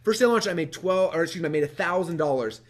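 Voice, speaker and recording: An energetic man speaks quickly to a live audience, his voice sitting a little higher than most men's. He tells stories with animated bursts and plenty of casual fillers, the way a seasoned presenter talks. The delivery stays quick throughout. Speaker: webinar presenter. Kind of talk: storytelling to an audience.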